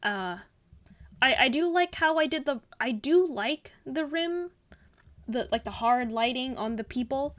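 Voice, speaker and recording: A woman's voice: sits high, expressive, a little slow. A young woman hosting a casual art review, gushing and rambling with lots of fillers. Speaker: art channel host. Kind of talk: casual art critique commentary.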